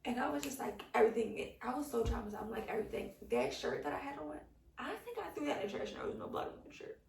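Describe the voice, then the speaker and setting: Chatty podcast co-host, gravelly voice, animated storyteller; echoey room, distant mic. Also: female voice, fairly high pitch, quick pace, slight background noise. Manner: animated storytelling, acts out quotes. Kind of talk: casual chat, personal story.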